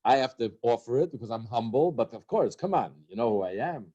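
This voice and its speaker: A man giving a sermon as a rabbi, telling humorous stories and acting out their characters in an animated way. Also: mid-range voice, a little fast, highs cut off. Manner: storytelling, animated, acts out characters in jokes.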